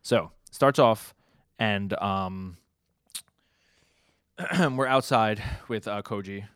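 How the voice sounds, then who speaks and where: A man's voice: lowish voice, extremely slow, a bit bright, smooth, dry recording, clean studio sound. A young man co-hosting a podcast, casually recapping comic chapters in a loose, rambling way with lots of "like" and self-corrections. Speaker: podcast co-host.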